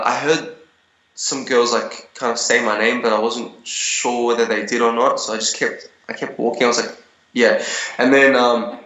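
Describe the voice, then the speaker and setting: A man's voice: mid-range voice, a bit bright, reverberant, muffled recording. Rambling young man on a video call. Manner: rambling, many restarts and fillers, laughs often. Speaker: singer being interviewed. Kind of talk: casual interview over video call.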